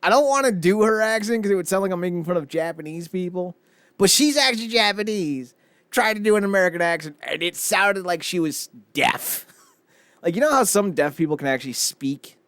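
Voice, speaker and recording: Guy cohosting a podcast, swears a ton, laughs a lot, voice a bit high and jumping all over, dry sound. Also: a little fast, no room sound. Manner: animated, profane, laughs often. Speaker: podcast co-host. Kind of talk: casual chat.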